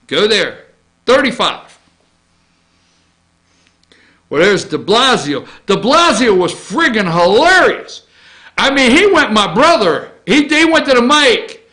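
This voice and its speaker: A man's voice: extremely high pitch, moderate pace. A man hosting a casual opinion show, rambling through a list with jokes and asides. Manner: joking, rambling, animated, with asides. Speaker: host.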